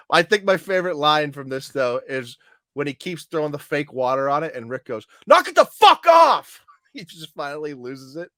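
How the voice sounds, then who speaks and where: A man's voice: on the high side, huge pitch swings, moderate pace, fairly bright tone, no room sound, clean studio sound. A man co-hosting a podcast in casual chat, laughing often and quoting lines with gusto. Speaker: podcast co-host.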